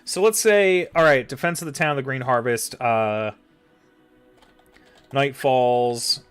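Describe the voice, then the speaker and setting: A man walks through how to prep a tabletop game session in a loose, rambling way. He curses casually and fills pauses as he types his notes. Faint music plays underneath. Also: medium pitch, clear, resonant tone. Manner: loose and profane, swearing casually; thinks aloud, lots of fillers and trailing off. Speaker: dungeon master giving advice. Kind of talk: casual tutorial while typing notes.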